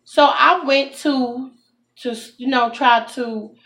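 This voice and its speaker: Speaking slowly with a drawl and a slightly high voice, a Texas woman tells a casual storytime directly to camera as a vlogger. She's animated and indignant, repeatedly turning to address her viewers.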